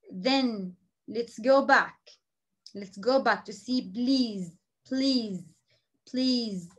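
A woman teaching English to young children speaks in a high voice, slowly and patiently. Arabic is her first language, and she repeats words slowly and switches into Arabic to explain things during the lesson.

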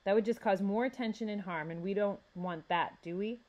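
A woman reads aloud in a medium-pitched, slightly mellow voice at a moderate pace, acting only lightly. She voices a charming, self-assured teenage elk boy who serves as school president and speaks smoothly and confidently.

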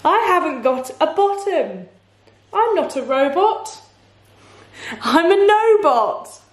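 A woman voicing a little boy robot who has lost his bottom, pleading in a high squeaky voice in a storybook reading. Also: very animated, slow pace, echoey room, heavily acted. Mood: distressed.

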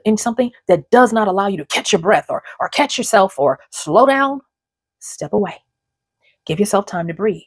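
A woman's voice: medium pitch, husky, no room sound, clean studio sound. A woman hosting her own channel, talking to camera in a conversational, digressive way and often restarting her sentences. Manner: conversational and digressive, with frequent restarts and repeated words. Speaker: channel host. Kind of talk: casual talking-head commentary.

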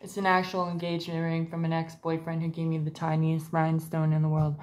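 A woman with a low, slightly mellow voice speaks briskly and completely flatly in a profane, meandering vlog monologue from home, putting on little voices whenever she quotes someone.

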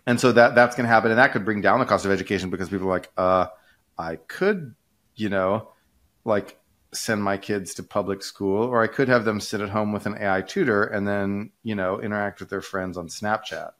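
A man's voice: on the low side, fairly quick, fairly bright tone. A man hosting a podcast, explaining economics in a casual, rambling way, full of fillers and restarts.

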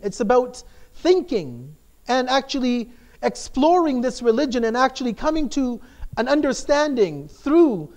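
A man's voice: very high voice, a little mellow. A man giving a conversational sermon as a shaykh, explaining with frequent "right?" tags and emphatic repetition.

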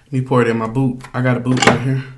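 A man's voice: mid-range voice, flat delivery, fast, very noisy. A man hosting a casual mukbang food vlog, chatting straight to his viewers in a loose, slangy way. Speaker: food vlogger.

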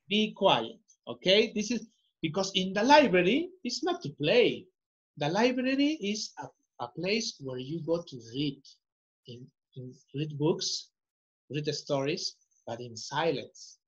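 A patient male teacher talks slowly to young learners and repeats each prompt to coax answers. His voice is a little husky and the sound is muffled, like lo-fi call audio. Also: a little high. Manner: slow, repeating prompts, coaxing. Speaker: English teacher. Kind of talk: online class teaching children.

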